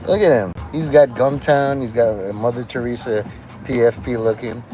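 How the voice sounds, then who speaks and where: A man's voice: medium pitch, steady tone, fairly quick, warm tone, soft background music, rough recording. A man live-streaming outdoors outside a convenience store, rambling offhand and chatting provocatively with viewers.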